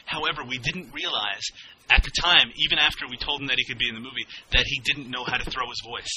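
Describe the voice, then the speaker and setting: A man's voice: a little high, quick pace, background noise. A man, a filmmaker, chatting casually about his movie in a rambling way and laughing often. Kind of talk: casual film commentary.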